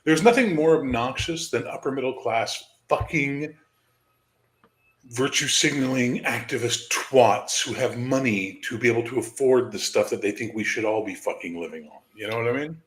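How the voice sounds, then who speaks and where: A man's voice: medium pitch, normal speed, echoey room, poor audio. A man in casual chat, ranting with profanity and exasperation. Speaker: guest on live stream.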